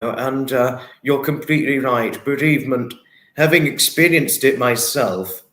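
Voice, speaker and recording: A man's voice: mid-range voice, unhurried, a bit bright, roomy sound. A man hosting a casual livestream, reading chat comments and thanking viewers in an apologetic, effusive, giggly manner. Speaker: livestream host.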